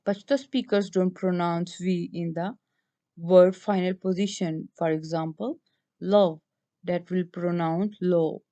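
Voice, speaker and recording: A woman with a Pakistani English accent giving a slide-based lecture, explaining each point with halting restarts. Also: on the low side, fairly even intonation, dark tone.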